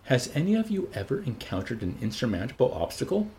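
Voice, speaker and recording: A man reading an audiobook voices an authoritative, urbane older male controller in a measured, lecturing tone. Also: mid-range voice, sing-song, mellow, a little hiss or hum, voice pushed up.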